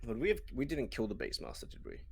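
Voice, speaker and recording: A man's voice: medium pitch, wildly swooping pitch, quick pace, gravelly, a little hiss or hum. An Australian man playing a tabletop game, thinking aloud with hesitant questions. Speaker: player. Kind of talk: casual tabletop game chat.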